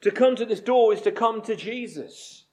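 A man preaching a sermon, with deliberate, emphatic delivery and slow, repeated phrases. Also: high voice, a little mellow.

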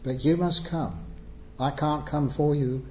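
A man's voice: fairly high pitch, steady tone, unhurried, a little hiss or hum. A man preaching an evangelistic sermon, earnest and pleading, building to emphatic appeals. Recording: echoey muffled church recording.

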